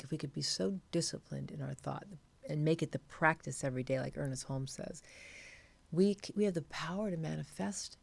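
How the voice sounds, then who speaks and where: A woman's voice: low-pitched, gravelly. A middle-aged woman being interviewed, telling stories with energy and acting out what others said. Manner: animated storyteller, acts out quotes. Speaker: interview guest. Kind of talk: casual interview chat.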